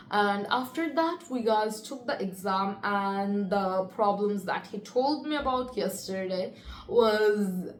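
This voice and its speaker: A teenage girl talking casually to the camera in a chatty, rambling way, full of fillers. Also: medium pitch. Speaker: student vlogger. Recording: echoey room with faint ambient noise.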